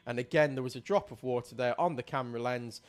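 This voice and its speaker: A man's voice: medium pitch, fast talker. A man giving live commentary on a kart race, reading out positions and talking with a co-commentator. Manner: reads out positions, lifts voice at race start.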